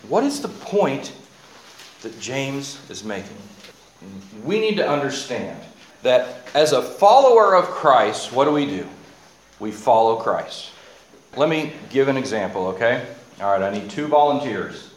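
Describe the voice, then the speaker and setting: A man preaching a sermon, joking aside to his listeners and reading scripture slowly. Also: mid-range voice, slight background noise. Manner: animated, jokey asides, reads scripture slowly. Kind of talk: sermon with audience participation. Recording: echoey hall, faint ambience.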